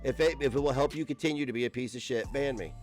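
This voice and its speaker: A man's voice: quick pace, faint music behind. A man streaming live, ranting at his critics with heavy swearing and a mocking, combative manner. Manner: profane, combative, mocking, with bursts of high laughter. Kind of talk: angry live-stream rant.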